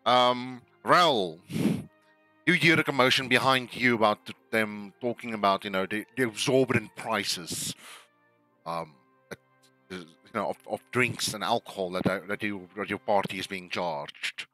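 A man's voice: lowish voice, unhurried, pushed and bright. A man with a South African accent narrating a tabletop role-playing game as game master, talking in rambling bursts with many stammered restarts. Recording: music playing behind the voice.

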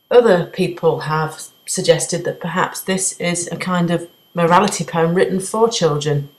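A woman teaching a literature revision lesson, explaining things clearly and step by step. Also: on the low side, reverberant, rough recording.

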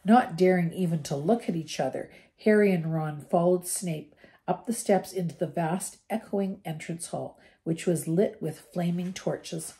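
Grandmother reading a storybook aloud. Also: on the low side. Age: older. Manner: expressive, warm-paced reading with small slips. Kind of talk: reading a children's novel aloud.

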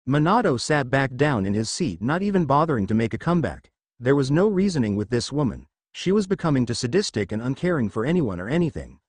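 Male fan fiction narrator, lively pitch, dry close sound. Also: fast talker, no room sound. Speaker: story narrator. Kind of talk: fan fiction story reading.

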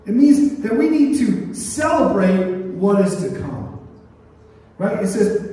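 Man, pastor, lively sermon delivery, high voice, booming church hall from a distance. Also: unhurried. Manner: animated preaching with call-and-response questions. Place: church sanctuary.

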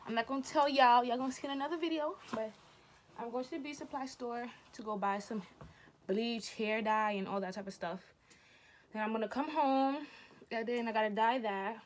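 A woman's voice: a little high, fairly quick. A young woman chatting casually to her vlog viewers, rambling and calling them y'all, filmed at home and then out on a rainy street. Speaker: vlogger. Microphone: clip-on mic and phone camera. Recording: noisy phone vlog audio.

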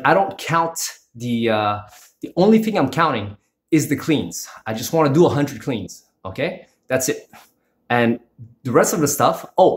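A man in his forties giving a casual workout demonstration at home, talking loosely with many fillers and asking "right?" often. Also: medium pitch. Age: 40s. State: out of breath at times. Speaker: fitness vlogger. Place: apartment near a balcony door.

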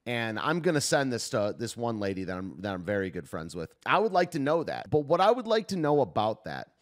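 A man's voice: medium pitch, sing-song, a little fast. A man hosting a video, giving tentative, off-the-cuff commentary as he thinks aloud and reacts to a clip.

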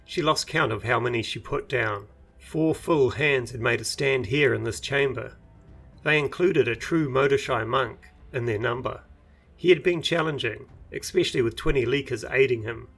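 A man reading his own fantasy novel aloud in measured, even audiobook narration. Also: mid-range voice, vocal fry, breathy edge, soft background music.

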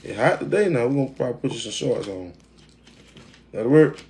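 A man's voice: mid-range voice, expressive, brisk, a little mellow, a little hiss or hum. A man, teasing a family member in casual vlog banter. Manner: teasing, drawling Southern slang.

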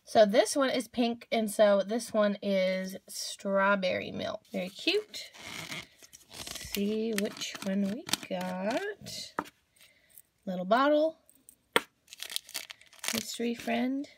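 A woman's voice: medium pitch, slow, long pauses, noisy background. A young woman hosting a casual toy unboxing video, gushing over each cute toy with gasps and squeals.

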